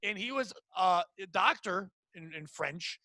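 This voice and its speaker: A man co-hosting a podcast, joking loudly in crude casual banter and breaking into shouted bits. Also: sits high, animated, measured pace, dry recording. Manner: loud, joking, bursts into sung bits and shouts. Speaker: podcast co-host.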